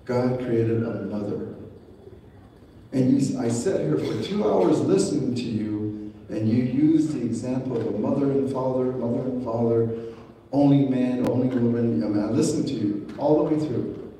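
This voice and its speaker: A man with a dark, mellow voice speaks to an audience, telling a personal story in a plain, unhurried way. He acts out the people he quotes, lifting his pitch for them. His voice is picked up from a distance and rings with the long echo of a hall. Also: slight background noise. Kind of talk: storytelling speech. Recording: echoey hall recorded from a distance.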